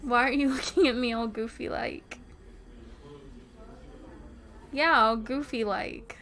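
A woman's voice: on the high side, steady tone, moderate pace, a bit bright. A woman playing a giggly teasing girlfriend. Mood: playful. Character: playful teasing young adult girlfriend. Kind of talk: romantic audio role-play.

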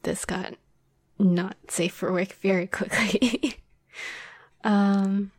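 A young woman talks about writing audio drama scripts in a soft, rambling whisper full of fillers and small laughs, as whispered role-play talk. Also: mid-range voice, steady tone, drawn-out words, no room sound, clean studio sound.

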